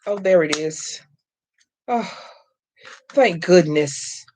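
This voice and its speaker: Woman, middle-aged, live-stream craft host, unhurried chatty talk, lowish voice, greets viewers by name. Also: a little mellow, slight background noise. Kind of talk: casual live-stream chat while crafting.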